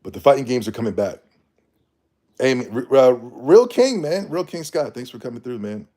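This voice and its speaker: A man's voice: medium pitch, expressive, brisk, a little mellow. A man hosting a casual livestream, ranting bluntly in slangy talk and reading the chat. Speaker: streamer.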